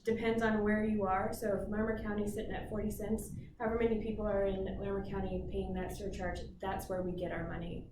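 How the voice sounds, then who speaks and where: A woman's voice: medium pitch, level tone, quick pace, hardly any pauses. A woman co-hosting a podcast, talking conversationally and affirming the others often. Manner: conversational, affirming with frequent mm-hmms. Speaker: podcast host. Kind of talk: casual podcast chat. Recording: roomy, distant mic with background noise.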